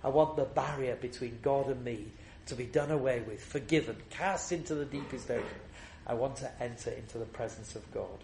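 A man's voice: mid-range voice, a little fast, vocal fry, a little mellow, reverberant, slight background noise. A man preaching a sermon, telling a personal story and building to emphatic repeated refrains.

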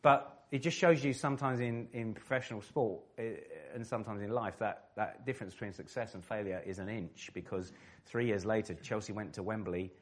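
A middle-aged man from England tells vivid stories as an interview guest. His voice sits on the low side, and he tells them with animation and easy laughter. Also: brisk, hardly any pauses. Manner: animated, vivid storyteller who laughs often. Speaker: former footballer and pastor, interview guest. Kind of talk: storytelling in an interview.

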